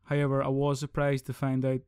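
Lad, solo podcast host, rambling and foul-mouthed, smooth clear voice, dry close sound. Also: male voice, mid-range voice, fairly quick, dry recording. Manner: sweary, rambling, animated. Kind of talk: casual solo podcast rant.

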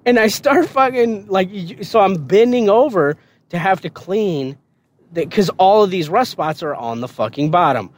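With an expressive delivery at normal speed, a man shares a past story on a podcast. Laughter and swearing run throughout, and he voices the other people's lines in a higher register as he casually tells it.

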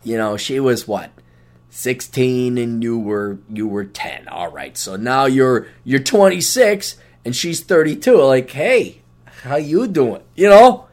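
Lively ranting male podcast host. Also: medium pitch, a little slow. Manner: rants with mocking put-on quotes; loud and exclaiming when worked up. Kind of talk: crude comedic monologue.

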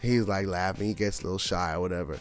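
A man's voice: sits low, quick pace, faint music behind. A man hosting a podcast, telling a family story in a chatty, casual way with lots of fillers. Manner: animated and chatty, full of fillers. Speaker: podcast host.

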